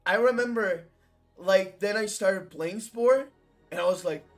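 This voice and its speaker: A young man in his twenties hosts a podcast, telling a story through rambling, casual chat packed with swearing and acted-out quotes. His voice sits high and a little slow, with soft music in the background.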